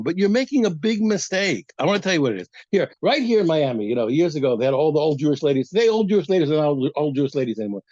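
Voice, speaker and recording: A man teaches a Talmud class in a high, swooping voice, racing through his points. He is emphatic and repeats words as he pushes on. The recording is dry and a bit dull. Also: dry recording. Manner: animated, emphatic, repeats himself. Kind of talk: daf yomi class.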